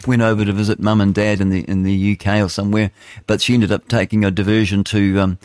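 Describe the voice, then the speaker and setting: A man's voice: on the low side, little pitch movement, fast, darkish tone, clear, resonant tone, dry recording, studio quality. A middle-aged man with a New Zealand accent, hosting an opinionated talk radio show in a rambling, conversational way full of asides. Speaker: radio host.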